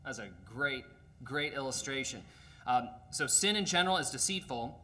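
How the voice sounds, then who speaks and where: A man preaching an earnest, emphatic sermon, often pausing with fillers. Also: medium pitch, animated, bright, forceful tone.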